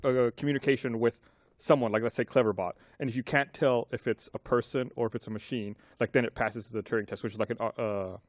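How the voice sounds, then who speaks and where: A man's voice: medium pitch, fast talker, no room sound. A man co-hosting a casual podcast, describing things with many fillers. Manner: lively, uses many fillers like "like" and "uh". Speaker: podcast co-host.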